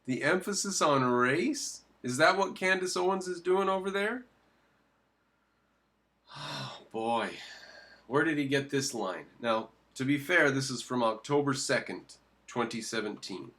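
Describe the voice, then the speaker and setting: Male commentator reacting to a clip, mid-pitched, emphatic, answers his own rhetorical questions. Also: lively intonation, moderate pace, few pauses, bright, forceful tone. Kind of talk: opinionated commentary.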